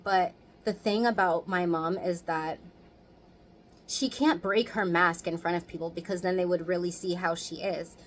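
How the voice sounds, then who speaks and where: A woman's voice: lowish voice, fairly even intonation, moderate pace, a little hiss or hum, poor audio. A woman in her thirties telling candid stories to camera in casual chat. She swears freely and laughs often. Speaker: vlogger.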